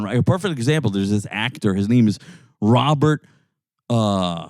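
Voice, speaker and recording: A man from New York co-hosting a profane, animated casual chat in a car, often mimicking other people's voices. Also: fairly low pitch, moderate pace, no echo. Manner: animated, swearing storyteller who mimics voices. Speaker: podcast co-host. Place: inside a jeep.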